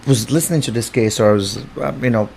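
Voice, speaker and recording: A man co-hosting a podcast, asking a guest questions in relaxed casual chat. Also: fairly low pitch, quick pace, gravelly, slightly rough.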